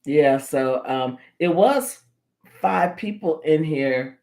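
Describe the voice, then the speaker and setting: A woman's voice: low voice, animated, slow, mellow. A woman hosting a casual livestream chat, playful and teasing, laughing often as she talks to her viewers. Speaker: livestream host.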